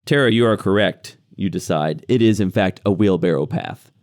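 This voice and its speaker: A man with a fairly low voice runs a tabletop game as its game master. He describes rooms and results in an unhurried, descriptive way. The sound is dry and close, with no room around it. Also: a little mellow, no echo. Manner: descriptive, unhurried scene-setting.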